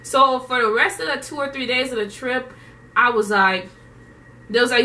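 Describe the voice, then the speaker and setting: A young woman vlogger tells a story in a bright, high-leaning voice, full of slang and quick laughs. She sounds a little distant from the mic, with faint ambient noise around her. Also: steady tone. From Haiti. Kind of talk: casual storytelling to camera.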